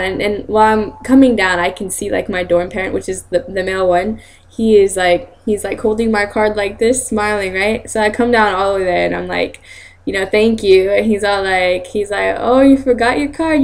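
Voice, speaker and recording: Young woman, casual vlog, chatty, laughs often, mid-pitched voice. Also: fairly even intonation, moderate pace. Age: young adult. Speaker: vlogger.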